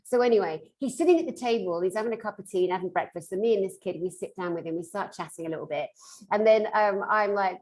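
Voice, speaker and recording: A woman, a conference panelist, telling a lively personal story over a video call, swinging between loud and hushed delivery. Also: mid-range voice, quick pace, poor audio.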